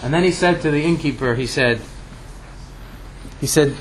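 A man with a fairly high voice tells a traditional Jewish story and draws a lesson from it. He acts out the characters' lines with lively shifts in his voice. A faint hiss sits under the recording. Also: normal speed, poor audio.

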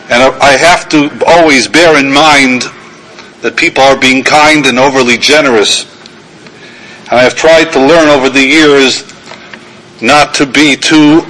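The audio is poor, but the older rabbi's mid-range voice sounds bright and forceful. Appearing as a guest lecturer, he gives a sermon-style talk featuring an anecdote, acting out its characters in a self-deprecating storytelling style.

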